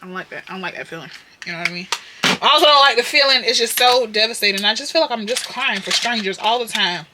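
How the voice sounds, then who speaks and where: A young woman doing her makeup while chatting to her viewers, candid and profane, slipping from muttered whispers into loud bursts. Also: fairly high pitch, fast, background noise. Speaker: beauty vlogger.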